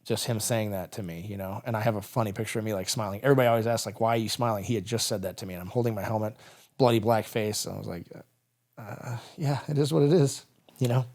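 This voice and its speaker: A middle-aged American man, a guest on a podcast, recounting a combat story in halting speech full of fillers and restarts. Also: lowish voice, steady tone.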